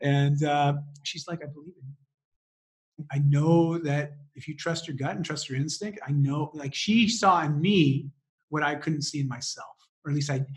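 A man talking as a podcast guest and coach, enthusiastic and quick to laugh as he shares advice. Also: a little high, steady tone. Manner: enthusiastic, fired up, laughs often. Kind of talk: animated interview conversation.

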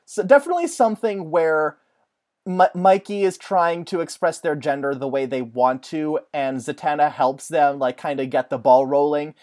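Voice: medium pitch, normal speed, a little mellow. A podcast co-host chatting casually, rambling with enthusiasm and lots of fillers. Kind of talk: casual chat.

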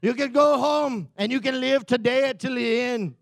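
A pastor putting on a booming warrior chief. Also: male voice, creaky, no room sound, clean studio sound. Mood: rousing. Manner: booming, drawn-out battle speech with a muddled foreign accent. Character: rousing male warrior leader addressing troops.

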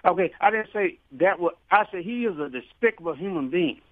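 A man's voice: sits high, lively intonation, a little fast, no echo. A man calling in to a radio show, talking in a colloquial, drawling way and repeating himself. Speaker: caller. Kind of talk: phone-in call. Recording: tinny phone line.

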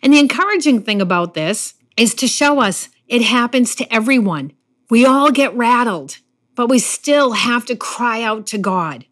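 A woman's voice: fairly high pitch, lively intonation, normal speed, fairly bright tone. A woman preaching a sermon in an earnest way, sometimes acting out the lines of the figures in the story she tells. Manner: earnest, acts out the Bible figures' lines in quotes.

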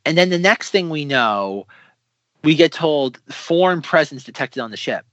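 Male podcast co-host, mid pitch, bright tone, dry close lo-fi sound, insistent explainer. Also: animated, moderate pace, no echo. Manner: persistent, interjects with repeated words, explanatory. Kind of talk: casual film discussion.

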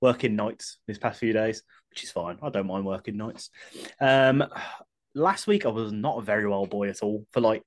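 A man's voice: lowish voice, expressive, normal speed. A man, co-hosting a podcast in casual, chatty talk with laughter and swearing. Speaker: podcast co-host. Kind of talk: casual chat.

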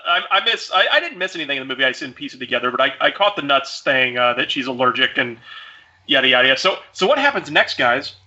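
A man's voice: medium pitch, lively intonation, quick pace, bright, forceful tone. A man co-hosting a casual movie discussion, retelling the plot scene by scene and acting out the characters' lines. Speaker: podcast co-host. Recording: dull lo-fi sound.

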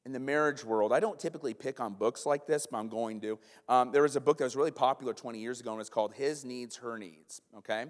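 A man preaching a sermon to his congregation, animated, with conversational asides. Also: mid-range voice, big-room sound. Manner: animated, talks to the congregation with asides and quick acted-out quotes. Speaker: pastor.

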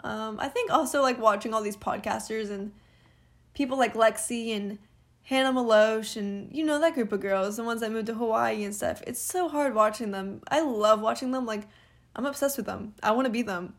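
A woman's voice: fairly high pitch, moderate pace. A young woman of about twenty, venting casually on her own podcast, rambling with lots of fillers and laughing now and then. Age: young adult. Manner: rambling, filler-heavy, candid, frequent laughs. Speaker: podcast host.

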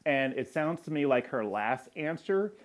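A man on a talk show, giving calm, explanatory advice in a casual way. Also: fairly high pitch, a little slow. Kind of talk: casual discussion.

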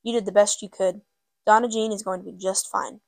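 A woman reading the part of a firm but gentle mother with a bitter edge in an audiobook. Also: medium pitch, fairly even intonation, brisk, vocal fry, no room sound.

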